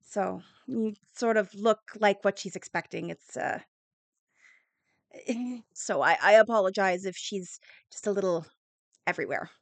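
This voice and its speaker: A woman voicing a gentle village mother who speaks softly and hesitantly and keeps apologizing. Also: medium pitch, measured pace, no room sound, voice pushed down, lightly acted. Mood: apologetic. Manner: hesitant, soft-spoken, apologetic.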